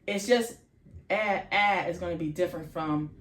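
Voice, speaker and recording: Female teacher, lowish, very slow and patient, repeats sounds, self-corrects; roomy echo. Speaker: faith channel host teaching vocabulary. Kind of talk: informal language lesson.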